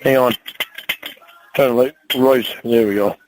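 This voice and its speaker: A truck driver argues at home in a mid-range, steady, slightly mellow voice at a measured pace. He swears constantly, rambles, and keeps stumbling and restarting his words in this heated domestic fight. The recording is rough.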